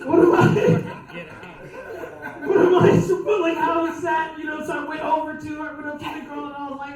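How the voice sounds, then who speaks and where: A man's voice: extremely high pitch, fairly quick, a little mellow, a little hiss or hum. A man doing a stand-up set, profane and rambling, laughing at his own lines. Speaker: stand-up comedian. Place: comedy club stage. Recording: echoey club from far off.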